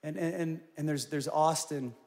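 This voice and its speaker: A man in his forties preaching a sermon, telling personal stories in an animated way and rising to loud, emphatic peaks. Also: a little high, moderate pace, vocal fry. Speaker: pastor.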